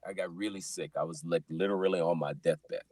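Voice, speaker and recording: A middle-aged male actor telling stories in a casual chat, his voice often dropping low and soft. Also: fairly even intonation, a little fast, dry recording. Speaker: actor and guest.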